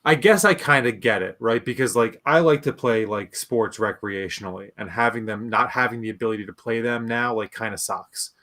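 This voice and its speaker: A man's voice: fairly low pitch, brisk, hardly any pauses, sharp tone. A man co-hosting a fan podcast, talking in a laid-back, rambling way with lots of fillers. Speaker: podcast co-host. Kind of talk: casual chat. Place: home, remote call.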